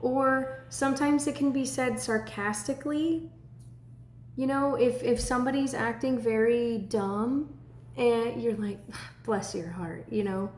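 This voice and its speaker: A woman's voice: fairly high pitch, measured pace, reverberant, a little hiss or hum. A woman, chatting casually on a livestream and laughing often. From Texas. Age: 20s. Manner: chatty, laughs often, breaks into excited shouts. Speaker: livestream host.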